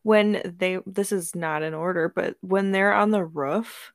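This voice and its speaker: A woman's voice: lowish voice, fairly even intonation, measured pace, no room sound, studio quality. A woman co-hosting a podcast, chatting about a movie from her notes. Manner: chatty, reads from notes, laughs along. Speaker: podcast co-host. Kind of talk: casual chat, movie review.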